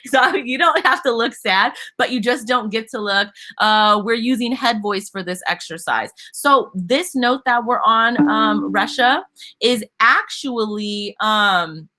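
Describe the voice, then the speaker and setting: A woman teaching a live online singing class, upbeat and quick to laugh, stopping to sing demonstration notes. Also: fairly high pitch, bright, forceful tone.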